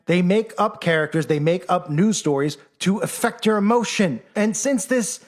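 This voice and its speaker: High-voiced man, combative and mocking. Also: expressive, moderate pace. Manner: combative, mocking, rhetorical questions; acts out critics in mock voices. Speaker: commentator. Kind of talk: argumentative monologue.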